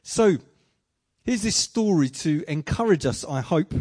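A man preaching a sermon in a relaxed, chatty way, telling personal stories and often restarting his sentences. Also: a little high, unhurried, breathy edge. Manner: chatty, self-deprecating, frequent restarts.

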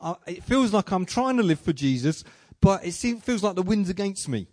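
Casual preacher, male, a touch high in pitch, self-deprecating and conversational, stumbles and restarts mid-sentence. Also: very animated, normal speed, a little mellow. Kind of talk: sermon with personal anecdotes.

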